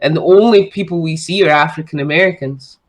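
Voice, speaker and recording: A woman's voice: low-pitched, fairly quick, rough recording. A woman chatting as a radio show guest, talking in a loose, filler-heavy way. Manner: chatty, lots of fillers and likes. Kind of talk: casual radio chat.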